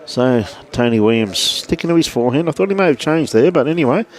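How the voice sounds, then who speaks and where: An Australian man commentates a lawn bowls livestream from indoors behind a glass window beside the green, chatty and matey as he greets viewers by name. His mid-range voice moves at a quick pace with lively intonation.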